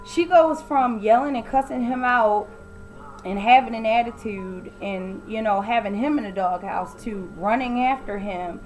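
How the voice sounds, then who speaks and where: A woman's voice: fairly high pitch, moderate pace, darkish tone, faint music behind, low-quality recording. A woman giving a casual, blunt and opinionated recap of a TV episode, often acting out the quoted lines. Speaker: TV recap vlogger.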